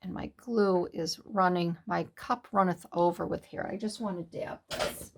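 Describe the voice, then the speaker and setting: A woman in her sixties chatting to camera as a craft vlogger, halting and upset, with many pauses and restarts. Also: lowish voice, steady tone, a little hiss or hum. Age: 60s. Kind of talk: casual chat to camera.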